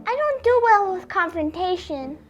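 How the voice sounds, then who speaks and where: A woman's voice: very high-pitched, lively intonation, moderate pace, highs cut off, soft background music. A woman voicing a timid, agreeable puppet shark in a comedy skit, meek and eager to please. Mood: meek chirpy.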